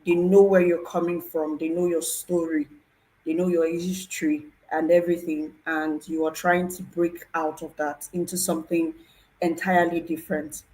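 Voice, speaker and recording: A woman's voice: fairly low pitch, flat delivery, normal speed, darkish tone, poor audio. A woman sharing a personal testimony on a panel talk show, earnest and emotional, telling her story with feeling. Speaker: program participant sharing testimony.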